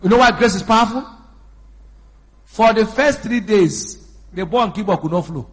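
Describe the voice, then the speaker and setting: A man in his fifties preaching a sermon in church, swinging between shouted exhortation and chatty storytelling. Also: high-pitched, expressive, normal speed, breathy edge. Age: 50s. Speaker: pastor.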